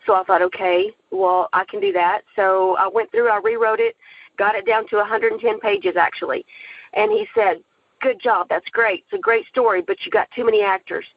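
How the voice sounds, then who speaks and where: A woman's voice: medium pitch, lively intonation, normal speed, no echo, narrow, tinny audio. A woman director telling her personal faith testimony in an earnest storytelling way, acting out the quoted dialogue. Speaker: film director and writer.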